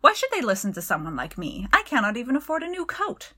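A woman playing a fretful, earnest male scholar who frets aloud in a raised, lifting voice. The tone is bright and clear in a storybook reading. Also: wildly swooping pitch, fast, heavily acted. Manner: fretful and flustered, rising in pitch. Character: anxious, earnest poor male scholar-magician.

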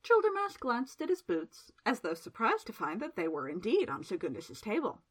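A woman narrating a fantasy novel aloud in a lively, expressive storytelling manner. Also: a little high, moderate pace. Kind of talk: audiobook narration.

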